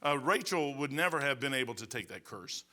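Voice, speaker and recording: A man's voice: medium pitch, expressive, brisk, sharp tone. A man in his sixties preaching a sermon as pastor, telling folksy stories with emphatic asides. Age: 60s.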